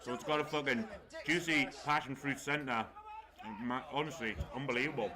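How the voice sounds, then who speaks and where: Chatty streamer, crowd noise behind. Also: male voice, mid-range voice, fairly even intonation, normal speed. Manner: rambling, sweary, chatty. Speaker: streamer hosting a watchalong. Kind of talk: casual chat.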